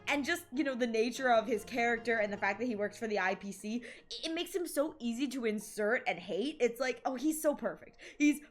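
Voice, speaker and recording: A young woman streaming a game, chatting in an excitable, giggly way and swearing freely. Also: fairly high pitch, fairly quick, hardly any pauses, soft background music. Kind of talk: casual game-stream chat.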